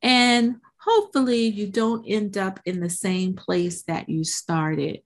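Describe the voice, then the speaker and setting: Speaking slowly at a medium pitch, this podcast host gives a lively motivational talk in which she voices her inner thoughts aloud, frequently pausing to ask "right?"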